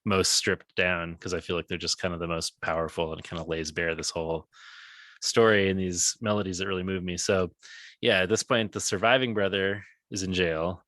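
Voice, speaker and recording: A man's voice: low-pitched, steady tone, normal speed, a bit bright, no echo. A man co-hosting a podcast, talking earnestly and reflectively about a song that moves him. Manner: earnest, reflective, emotionally moved. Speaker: podcast co-host. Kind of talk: casual music discussion.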